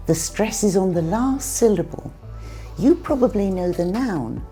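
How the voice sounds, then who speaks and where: A woman with a low, warm voice teaches English words. Her pitch moves a lot as she explains each term in a clear, teacherly way. Faint music plays underneath. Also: animated, measured pace. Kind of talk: scripted lesson dialogue.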